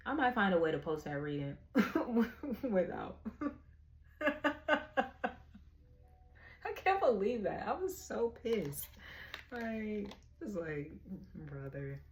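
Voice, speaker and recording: A woman talks through a tarot spread in a loose, slangy way, frank and quick to laugh. Her voice sits a little low, and there is a clear hiss of noise with clicks behind her. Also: fairly bright tone. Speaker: tarot reader. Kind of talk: casual tarot reading.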